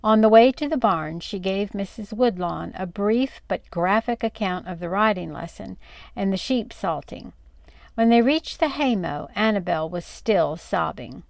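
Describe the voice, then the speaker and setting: An older woman reading a storybook aloud expressively, dropping low and soft on the narration tags. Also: a little slow, gravelly, no room sound.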